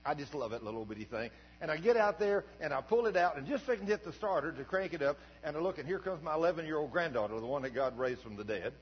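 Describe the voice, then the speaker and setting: An older man preaching as a pastor, telling a story in a folksy, animated way that swings from quiet asides to shouts. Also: a little high, fast, hardly any pauses. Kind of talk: sermon storytelling. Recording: dull recording with long hall reverb and mains hum.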